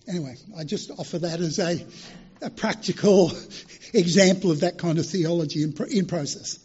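Husky, high-voiced man giving a talk. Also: moderate pace, mellow. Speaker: speaker answering audience questions. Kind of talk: public talk, Q&A. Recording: dull lo-fi recording.

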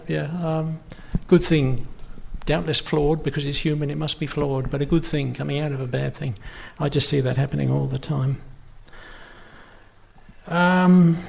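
A man's voice: a little high, gravelly, a little hiss or hum. A man preaching a sermon to his congregation in a conversational, rambling way with many fillers and restarts, his nose running. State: runny nose. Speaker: pastor.

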